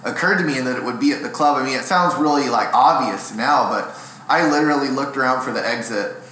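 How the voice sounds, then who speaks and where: A young man, a stand-up comic, talks through long, rambling, self-deprecating stories in a relaxed interview. His voice has a sharp, bright edge, and it rings around an echoey room with a faint hiss behind it. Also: medium pitch, fast. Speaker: stand-up comedian, guest. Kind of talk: casual interview storytelling.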